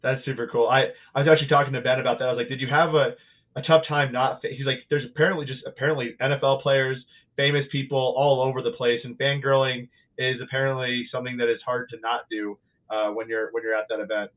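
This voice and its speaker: A man's voice: medium pitch, level tone, fast talker. A man hosting a podcast, asking friendly, rambling questions in casual chat. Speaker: podcast host. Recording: tinny phone-like line.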